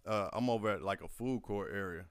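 A man's voice: lowish voice, fairly quick, no room sound, clean studio sound. A young man casually telling profane army stories and acting out his old drill sergeants. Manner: profane storytelling, acts out drill sergeants loudly. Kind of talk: casual chat.

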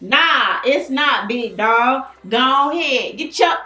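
A woman puts on a blunt, dismissive woman with a New Orleans accent who waves off a flirt. The voice sits high and sharp. It sounds echoey and a little far from the mic. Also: lively intonation, slow pace, faint music behind, full character voice. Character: sassy woman shutting down a flirt.

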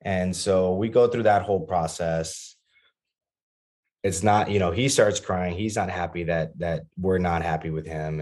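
A man's voice: deep voice, darkish tone. A man in his thirties talking as a guest on a podcast about being a father, earnest and reflective, with many restarts and fillers.

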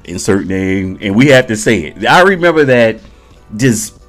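Animated, profane army veteran storyteller. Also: male voice, mid-range voice, moderate pace, soft background music. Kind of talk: casual storytelling podcast.

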